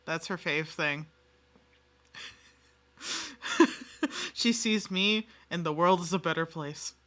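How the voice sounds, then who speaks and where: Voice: mid-range voice, measured pace, a bit bright. A game streamer in a casual live-stream chat with viewers, rambling and self-mocking, giggling often and swearing freely.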